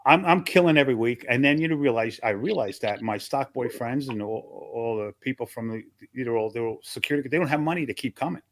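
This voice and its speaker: A man's voice: mid-range voice, fairly quick, hardly any pauses, dry recording. An older man, a comedian from Long Island, telling stories from his early days in a casual interview and acting out the voices of the people in them. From Long Island, New York.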